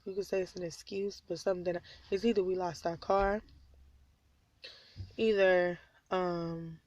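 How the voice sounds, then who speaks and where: A woman's voice: mid-range voice, darkish tone, no echo, muffled recording. A woman, talking wearily about her troubles in a personal vlog, her throat a little sore. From born in North Carolina, raised in Oklahoma. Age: 20s. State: slightly sore throat, coughing. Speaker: vlogger.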